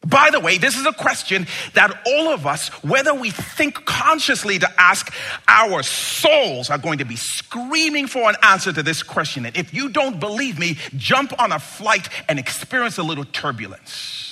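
A man's voice: sits high, sing-song, normal speed, bright, forceful tone, slightly rough. A male preacher giving an emphatic sermon, full of rhetorical questions and playful asides.

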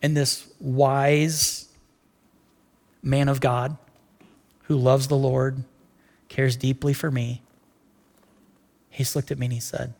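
A man's voice: medium pitch, takes it slowly, creaky, pauses often. A man preaching a sermon as pastor, telling the story with energy and acting out the voices of the people in it. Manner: animated storytelling, acts out voices. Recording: reverberant church hall.

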